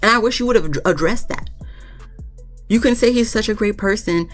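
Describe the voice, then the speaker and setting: Casual recap talk, blunt, profane, mid-pitched voice, faint music underneath. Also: brisk. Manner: blunt, profane, animated ranting; often acts out quotes of others. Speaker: TV show recap reviewer. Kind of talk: casual reality-show recap.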